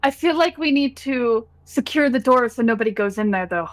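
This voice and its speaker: Tabletop player, female, slightly high voice, hesitant and casual. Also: expressive, a little fast. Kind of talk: tabletop game play.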